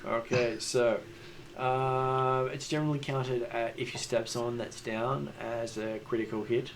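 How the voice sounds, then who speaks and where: A man acting as game master, calmly explaining rules and rulings in a casual tabletop session. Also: mid-range voice, unhurried. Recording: noisy home recording.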